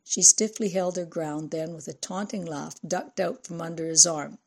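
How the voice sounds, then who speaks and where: A woman narrating a novel in an even, scripted storytelling delivery. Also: fairly low pitch, normal speed, few pauses, breathy edge. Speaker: audiobook narrator.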